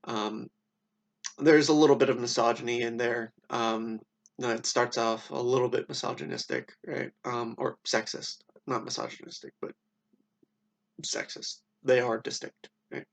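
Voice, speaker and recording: A man's voice: mid-range voice, steady tone, moderate pace, gravelly. A man casually retelling old dialogues as a lesson, swearing and tagging lines with "right?". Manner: casual, profane, many fillers and "right?" tags. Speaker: explainer retelling philosophy.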